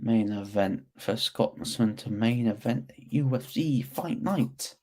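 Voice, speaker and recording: A man's voice: on the low side, slow, warm tone. A young man hosting a fight watch-along, chatting casually to his viewers and stumbling over his words as he comments.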